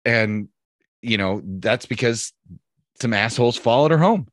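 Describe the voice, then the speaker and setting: A man's voice: mid-range voice, lively intonation, unhurried, dry recording, clean studio sound. A man in casual podcast chat, rambling and profane, with emphatic bursts.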